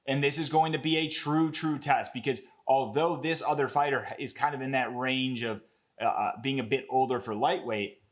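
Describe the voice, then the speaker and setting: Young male commentator, casual video rant, excitable, swears a lot, mid-range voice. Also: medium pitch. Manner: excited, profane, rambling with restarts. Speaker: MMA commentator.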